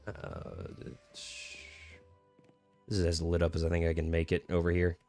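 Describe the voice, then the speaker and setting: Young male streamer, low-pitched, relaxed rambling chat over faint music. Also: unhurried. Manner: laid-back, rambling, lots of "like" and restarts. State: hiccuping. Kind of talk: casual gaming stream chat.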